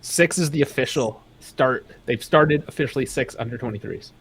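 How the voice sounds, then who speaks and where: A man's voice: mid-range voice, slight background noise. A man on a casual football podcast, cutting in with short, teasing remarks. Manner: teasing, quick interjections.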